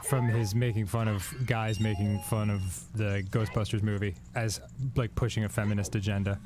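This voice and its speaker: A man's voice: fairly low pitch, little pitch movement, normal speed. A man in joking gameplay banter, playful and swearing casually, over faint game music. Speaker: let's play co-host.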